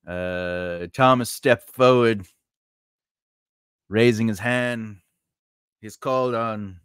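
A man's voice: on the low side, fairly bright tone, smooth, no room sound, studio quality. A man teaching writing in a casual lesson, rambling through tangents with many fillers and restarts. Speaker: writing podcast host.

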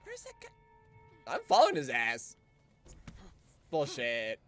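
A man streaming a video game, chatting casually and excitably with plenty of swearing and jokes. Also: medium pitch, slow pace, soft background music. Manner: excitable, profane, jokey. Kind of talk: casual gaming livestream commentary.

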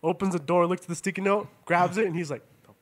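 A young man with a high voice tells stories on a casual podcast. He swears a lot, gets animated and laughs often as he goes. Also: fast talker. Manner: profane, animated, laughs while telling stories. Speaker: podcast host. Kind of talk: casual storytelling.

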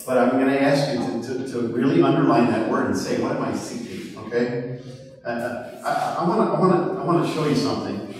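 A man preaching a sermon in a conversational, halting way, repeating words and asking the crowd questions. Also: medium pitch. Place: church hall. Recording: roomy hall from far off.

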